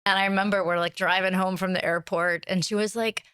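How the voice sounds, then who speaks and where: An American woman guest in an interview, telling stories in a lively way, laughing often and acting out what others said. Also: mid-range voice, a little fast, clean tone, no room sound, studio quality. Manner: animated storytelling, laughs often, quotes others. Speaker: author guest. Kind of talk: interview conversation.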